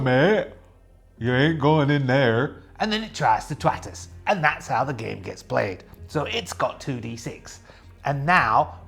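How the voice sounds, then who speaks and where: Man, rambling game narration, lively pitch, faint music behind. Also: creaky, breathy edge. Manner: chatty, rambling, jokey. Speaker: solo game player and host. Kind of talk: casual tabletop game play narration.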